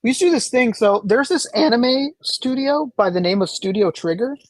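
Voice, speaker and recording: A man's voice: very high voice, lively intonation, moderate pace, no echo. A man chatting as a podcast guest, rambling through stories with many fillers and restarts. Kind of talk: casual chat.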